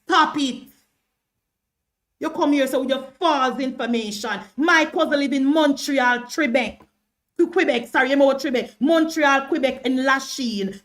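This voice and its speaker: Jamaican woman, livestream politics host, high voice, argumentative and repetitive, stumbles over words when heated. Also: fairly bright tone. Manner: argumentative, repeats herself, stammers when worked up.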